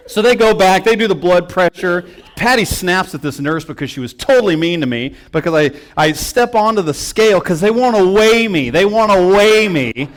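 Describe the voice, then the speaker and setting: A young male pastor tells a long personal story from the pulpit. His voice sits somewhat high, and he pokes fun at himself as he acts out what people said. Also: a little fast, hardly any pauses. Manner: animated, self-mocking storytelling with acted-out quotes. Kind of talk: storytelling sermon. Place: church sanctuary.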